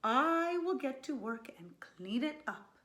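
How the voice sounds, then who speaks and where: A woman voicing a fussy farm wife who loves cleaning, loud and exclaiming. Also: high-pitched, sing-song, slow, echoey room, voice pushed up, exaggerated voice.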